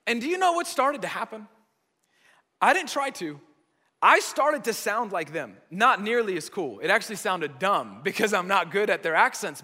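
American male pastor, bright tense voice, chatty repetitive sermon delivery. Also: high-pitched, in a large hall. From United States. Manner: conversational, repeats phrases for emphasis.

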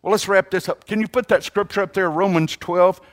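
A man's voice: high voice, fairly even intonation. A man preaching a sermon, emphatic, drawing out key words and calling on the congregation to repeat after him, with frequent restarts. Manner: halting restarts, drawn-out emphasis. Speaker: pastor.

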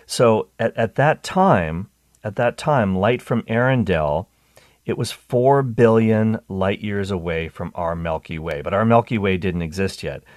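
A man hosting a Catholic radio talk show, talking with enthusiasm, restarting phrases and jumping in pitch on exciting points. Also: a little slow, dry recording, studio quality. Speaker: radio host.

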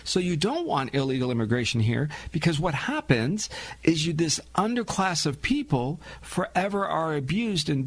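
A man's voice: mid-range voice, dry recording. A man from Los Angeles hosting a talk radio show, telling stories with chuckles and rhetorical questions.

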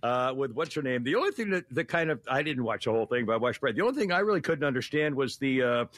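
A man's voice: medium pitch, animated, fast, a bit bright, no echo. An older man hosting a talk radio show, chatting casually, rambling with sarcastic jokes, frequent laughs and stammered restarts.

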